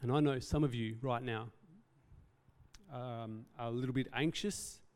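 A man's voice: medium pitch, fairly even intonation, measured pace, darkish tone. A man preaching a sermon as pastor, earnest and conversational, with self-deprecating asides. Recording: reverberant hall.

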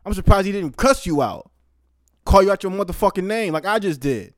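A man's voice: expressive, brisk, no room sound, studio quality. Profane, fired-up young man ranting. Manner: profane, heated, swings from loud outbursts to low mumbling asides. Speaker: commentator. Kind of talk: casual ranting commentary.

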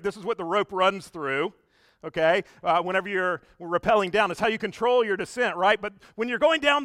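A man giving a sermon as a lively, conversational story, often turning to talk straight to his listeners. His voice sits high and sounds bright and forceful. The recording is dry, with almost no room sound. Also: dry recording. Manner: animated, chatty, addresses the congregation directly. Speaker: pastor.

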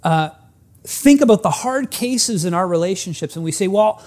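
A pastor giving an earnest sermon, slowing down for emphasis and acting out a story. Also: medium pitch, expressive, darkish tone. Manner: earnest, emphatic, acts out stories; frequent restarts, slows for emphasis.

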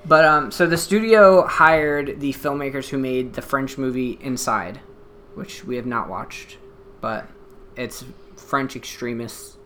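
Podcast co-host, male, bright voice, casual film-review banter. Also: medium pitch, takes it slowly, slight background noise. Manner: animated, swearing, many fillers. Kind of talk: casual movie review chat.

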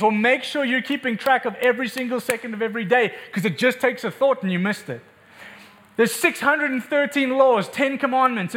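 High-voiced man preaching with passion. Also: fairly bright tone. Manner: impassioned, emphatic, repeats words for force. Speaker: pastor. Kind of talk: sermon. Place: church meeting room.

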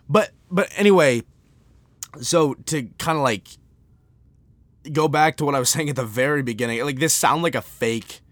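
A man's voice: medium pitch, fairly bright tone, no room sound. A young man hosting a solo podcast, talking casually in a rambling, jokey way with lots of fillers. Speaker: podcast host.

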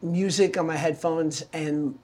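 Male podcast guest in his thirties, reflective and self-deprecating, pitched a bit high. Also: steady tone, a little slow, a little mellow. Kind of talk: casual chat.

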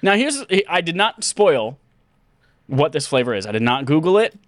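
A man's voice: on the high side, sing-song, moderate pace, dry recording, studio quality. A man hosting a casual gaming podcast, goofy and jokey, slipping into silly voices. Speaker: podcast host.

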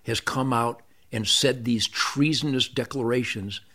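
A man as a podcast guest, ranting in a loud, emphatic, profane way that drops suddenly to quiet. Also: mid-range voice, measured pace. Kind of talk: podcast interview.

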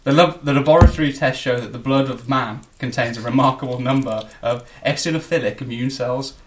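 A young man reading an article aloud haltingly in a casual podcast chat, breaking into laughter. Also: mid-range voice, a little hiss or hum.

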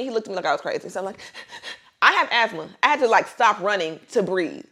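Profane, animated woman telling a story. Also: mid-range voice, fast talker, husky. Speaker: podcast co-host. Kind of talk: casual chat, storytelling.

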